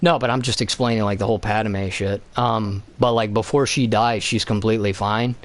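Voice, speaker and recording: A man's voice: lowish voice, fairly even intonation, moderate pace. A man streaming a video game, rambling in casual chat with heavy swearing and lots of fillers.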